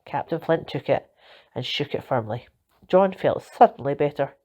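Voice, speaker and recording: A woman narrating a children's storybook in a steady, expressive reading voice. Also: low voice, moderate pace, slightly rough. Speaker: volunteer reader. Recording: dull lo-fi recording.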